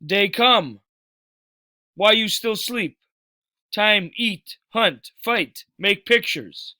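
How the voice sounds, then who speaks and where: A man's voice: high-pitched, expressive, takes it slowly, fairly bright tone, dry recording, studio quality, exaggerated voice. A man voicing a tiny, stern, proud warrior who speaks in short clipped phrases, as a storybook read-aloud. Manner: gruff, broken clipped phrases.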